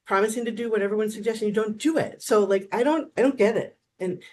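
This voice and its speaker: There's slight background noise as a fifties-aged therapist talks quickly in a mid-range voice. As an interview guest, she tells lively stories, acting out what people said and often starting her sentences over.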